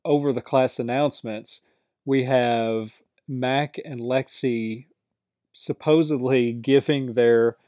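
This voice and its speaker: A man's voice: mid-range voice, warm tone, dry recording. A man casually retelling the plot of a TV episode in a rambling way, with many fillers and asides.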